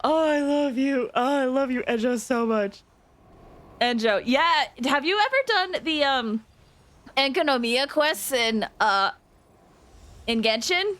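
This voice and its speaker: Brief: high, bright-voiced woman streamer, bouncy and gushing, quick to squeal with delight. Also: expressive. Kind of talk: live gameplay commentary.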